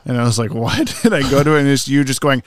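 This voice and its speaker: A man's voice: mid-range voice, expressive, fast talker, over a noisy crowd. A man co-hosting a podcast in casual chat, joking and laughing often as he trails into asides. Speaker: podcast co-host.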